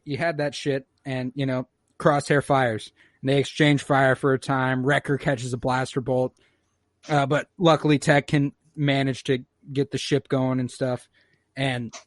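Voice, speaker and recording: A man hosting a podcast talks through an episode in an easy, laid-back way. He swears freely and acts out what the characters say. His voice sits in a middle pitch and sounds dry and close. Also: fairly even intonation, unhurried, dry recording. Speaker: podcast host. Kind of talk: casual recap chat.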